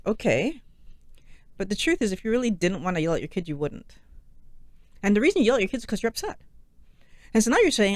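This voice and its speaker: A woman's voice: on the high side, sing-song, fairly quick, pauses often, darkish tone, dry recording, studio quality. A middle-aged woman, a psychologist co-hosting a casual health chat, explaining with examples and rhetorical questions. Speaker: co-host, psychologist.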